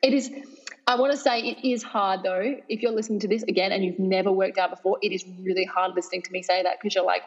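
An Australian woman who works as a fitness trainer, talking in an energetic, emphatic way on a podcast. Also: mid-range voice, quick pace, long reverb tail, dull audio. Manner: energetic, emphatic, laughs easily. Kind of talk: podcast interview.

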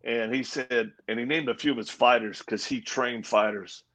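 Speaking at normal speed in a medium-pitched, somewhat bright voice with fairly even intonation, a man shares his testimony as a guest at a Christian coffee house event. He's an earnest storyteller who performs the voices of the people in his account.

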